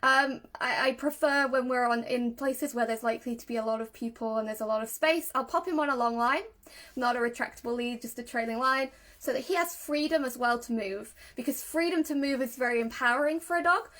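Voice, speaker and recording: High-voiced woman explaining earnestly. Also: fairly quick, fairly bright tone. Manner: earnest, explains with examples, acts out a puppy's thoughts. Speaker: dog trainer. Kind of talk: casual educational talk.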